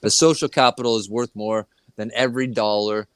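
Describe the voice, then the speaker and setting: A man's voice: lowish voice, steady tone, a little fast, smooth, no room sound. A man co-hosting a casual chat show, ranting heatedly and swearing constantly. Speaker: co-host.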